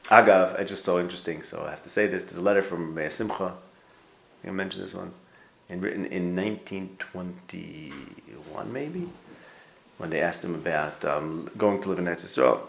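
A man with a lowish voice teaches an informal Torah class in a roomy space. He talks conversationally, restarts his sentences and turns to his listeners with questions. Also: moderate pace, creaky, a bit bright, slight background noise. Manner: conversational, thinks aloud, restarts and quizzes listeners. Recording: roomy echo.

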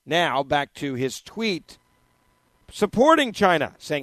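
A man's voice: on the high side, big pitch swings, takes it slowly, dry recording. Emphatic male commentary host, dry sound. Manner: emphatic, repetitive, rising to loud outbursts. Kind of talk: opinion commentary.

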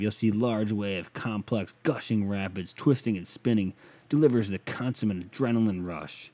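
A man's voice: lowish voice, warm tone. An American man doing a sarcastic, profane comedic solo rant as a podcast host. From United States.

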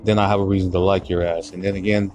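A man's voice: deep voice, flat delivery, fast talker, darkish tone, faint music behind. A man hosting a podcast, ranting through a heated, profanity-laden story. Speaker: podcast host. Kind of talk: casual podcast rant.

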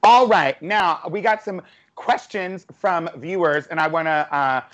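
A high-voiced man hosting a podcast with a playful, teasing energy. He keeps the casual chat moving along. The audio sounds dull and lo-fi. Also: measured pace, fairly bright tone. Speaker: podcast host.

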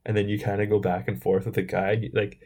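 Gravelly, husky low-voiced man. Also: fast talker. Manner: relaxed, rambling, many fillers like "like" and "you know". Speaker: podcast co-host. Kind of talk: casual chat.

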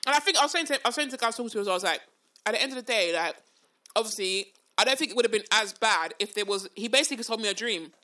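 Fast-talking animated woman. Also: fairly high pitch. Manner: animated, acts out quotes, laughs often. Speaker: podcast co-host. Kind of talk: casual storytelling chat.

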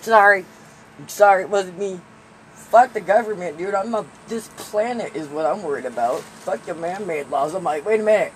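A man's voice: sits high, normal speed, a little hiss or hum, rough recording. A man co-hosting a podcast with his brother, talking in a loose, profane, rambling and joking way. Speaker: podcast co-host. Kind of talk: casual chat.

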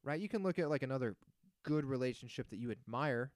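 A man's voice: mid-range voice, animated, quick pace, no room sound, studio quality. A man in his thirties hosting a solo podcast, ranting in a sarcastic, crude, casual way. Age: 30s. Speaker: podcast host.

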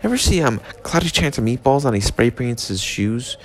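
A man's voice: medium pitch, lively intonation, moderate pace. A drunk, stoned man rambling through a comedy monologue, slurred and swearing. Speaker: comedic vlogger.

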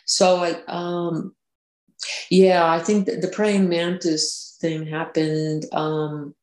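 A woman's voice: lowish voice, flat delivery, takes it slowly, a little mellow. A woman guest recounting personal experiences, hesitant, with many restarts and fillers. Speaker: interview guest. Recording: roomy echo.

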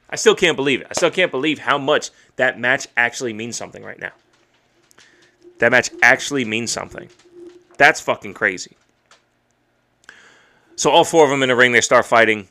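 A man hosting a podcast, recapping a wrestling show in casual, excited, profane chat. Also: medium pitch, normal speed, pauses often. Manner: excited, profane, recounts and quotes matches. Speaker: podcast host. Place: home streaming setup.

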